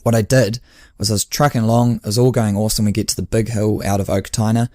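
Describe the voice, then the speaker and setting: New male podcast host and coach, lowish voice, dry; animated storyteller. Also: fast talker, no room sound. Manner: chatty storyteller who acts out quoted dialogue with laughs. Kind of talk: casual podcast chat.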